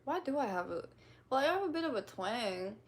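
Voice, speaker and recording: A woman's voice: fairly high pitch, very animated, brisk, breathy edge. A woman from the American Midwest with a slight Midwestern twang, chatting casually on a livestream in a giggly, playful, self-teasing way. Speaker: streamer. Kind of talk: casual livestream chat reading comments.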